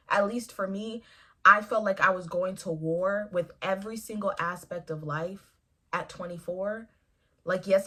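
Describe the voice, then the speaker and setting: A woman in her twenties talks straight to camera, giving advice in a casual, lively way. Her voice is bright, and she acts out her own reactions as she goes. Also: fairly low pitch. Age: 20s. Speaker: vlogger. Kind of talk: casual advice vlog talk.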